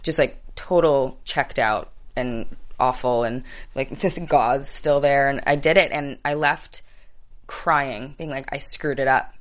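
A young woman with a low-pitched voice, chatting in an interview. She tells stories with energy and acts out the lines of the people in them. Her voice often jumps up high when she gets excited. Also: slow pace. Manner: animated storyteller, acts out quotes. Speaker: actress guest. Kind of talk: casual interview chat.

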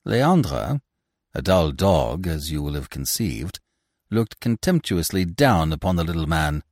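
Male audiobook narrator, deep voice, very animated pitch, dry close recording. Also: measured pace, no echo.

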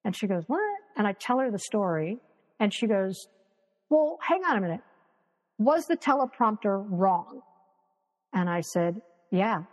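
A woman's voice: mid-range voice, long reverb tail, low-quality recording. A woman guest on a video call, telling stories animatedly, acting out what people said, and swearing freely. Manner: animated, acts out quoted voices, swears freely. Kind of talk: casual interview storytelling.

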